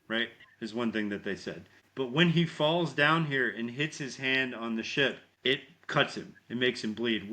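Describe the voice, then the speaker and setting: A man co-hosts a podcast and retells a horror film scene by scene, swearing freely and acting out the characters' lines. His voice is bright and forceful at a middling pitch. He keeps it loose and conversational, like talking with a friend. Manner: animated storyteller, heavy swearing, acts out lines. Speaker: podcast co-host. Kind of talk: casual movie recap chat.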